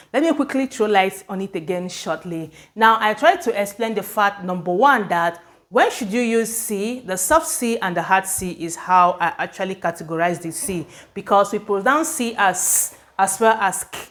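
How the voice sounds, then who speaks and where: A woman teaching English spelling, explaining patiently, sounding out words and often checking that her students follow. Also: medium pitch. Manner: explanatory, repeats words slowly, checks understanding. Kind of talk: spelling lesson at a board.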